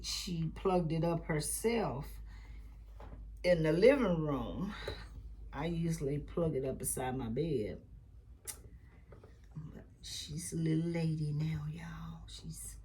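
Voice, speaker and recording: On her quilting channel, a low-pitched woman meanders through family tales as she demonstrates sewing. It's a relaxed, chatty delivery broken by quiet muttered asides, and there's a little hiss or hum in the recording.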